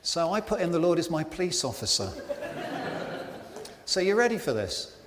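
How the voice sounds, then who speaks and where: Very animated at a moderate pace, a preacher with a slightly high voice gives a conversational, self-deprecating sermon loaded with fillers and asides. He speaks in a church hall whose reverberant sound and faint ambience come through, along with a little hiss or hum.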